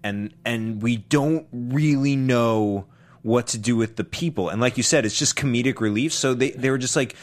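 A man co-hosting a casual movie podcast, talking hesitantly with restarts. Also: medium pitch. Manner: hesitant, halting with fillers. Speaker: podcast co-host.

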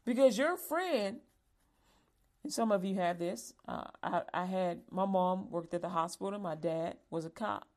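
A woman teaching a Bible lesson to young people, lively and acting out calls and warnings. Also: on the low side, moderate pace.

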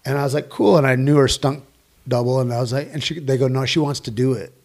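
Man, gravelly voice, stunt performer, casual interview, salty storytelling. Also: medium pitch, quick pace, a little mellow. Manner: profane, rambling anecdotes with quoted dialogue.

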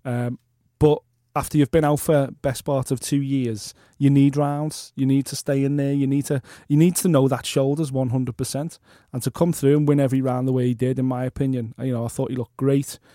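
An eager man chats about fights on a podcast, leaning hard on his key words. His voice is mellow and dark. The sound is dry and close to the mic. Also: mid-range voice, steady tone, fairly quick, hardly any pauses, no echo. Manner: enthusiastic, emphatic. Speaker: podcast co-host. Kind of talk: casual MMA podcast chat.

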